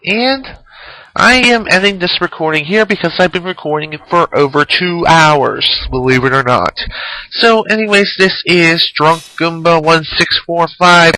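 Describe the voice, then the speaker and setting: A man's voice: a little high, bright, forceful tone, poor audio. A man giving casual let's-play commentary in a rambling, offhand way, often sighing. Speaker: gameplay commentator.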